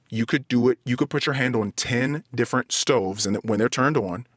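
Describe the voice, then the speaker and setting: A man's voice: on the low side, fairly bright tone, no echo, clean studio sound. A man hosting a podcast, talking earnestly on his own, blaming himself and working through long everyday analogies. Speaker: podcast host. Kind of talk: solo reflective monologue.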